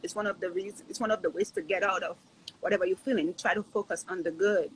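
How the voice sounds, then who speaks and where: A woman in her thirties, appearing as a guest, shares a heartfelt, casual conversation, earnest and reflective, repeating phrases and often asking "right?". Her voice is fairly low with fairly even intonation and a fast pace, in a rough recording with a little hiss or hum.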